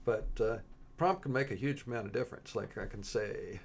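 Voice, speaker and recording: A man presenting a coding tutorial in a relaxed, halting way, with frequent pauses and restarts as he works through the demo. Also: on the low side, creaky, background noise. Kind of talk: screen-recorded coding tutorial.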